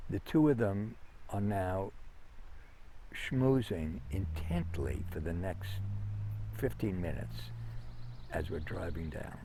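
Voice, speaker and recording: Interview guest, male, unhurried raconteur, lots of restarts, faint room hiss behind. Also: low voice, mellow. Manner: rambling anecdotes with many restarts and fillers. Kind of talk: conversational storytelling.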